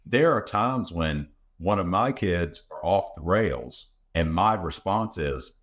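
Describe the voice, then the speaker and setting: A man's voice: low voice, expressive, slow pace, a bit bright. A father chatting on a podcast, telling family anecdotes and acting out what he and his kids say. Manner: anecdotal, acts out his family's voices in quotes. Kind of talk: casual podcast conversation.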